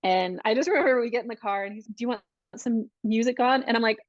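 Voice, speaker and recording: Animated woman telling a story, dry sound. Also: a little high, fast talker, no room sound. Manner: animated, acts out quoted dialogue. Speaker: podcast guest. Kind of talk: casual conversational storytelling. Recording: dull, dry podcast audio.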